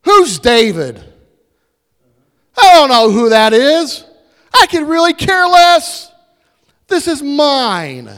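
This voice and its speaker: A man voicing a greedy, arrogant rich landowner who shouts mockingly and possessively. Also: very high voice, clean tone, in a large hall, voice pushed up, exaggerated voice.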